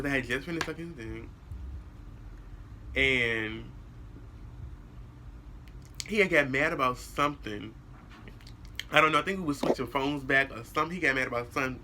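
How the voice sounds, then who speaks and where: A young adult man tells a personal story straight to his viewers. His voice is very bright and sharp, and he talks in a blunt, animated way with plenty of cursing. A faint hum sits in the background. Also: medium pitch. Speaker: vlogger. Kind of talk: casual storytime monologue.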